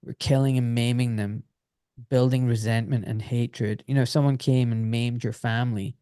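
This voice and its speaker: A middle-aged British man telling stories on a podcast, lively and loose, swearing as he goes and slipping into the voices of people he quotes. His voice is mellow and warm, and it sounds close and dry. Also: medium pitch, normal speed, clear, resonant tone, no echo. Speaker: podcast guest, former doctor. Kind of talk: casual podcast storytelling.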